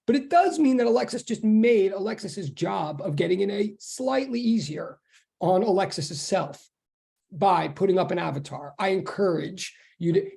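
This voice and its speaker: Gravelly, mellow-voiced physics instructor on a call. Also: mid-range voice. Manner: chatty and rambling, with many restarts. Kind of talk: casual online class introduction. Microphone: video call.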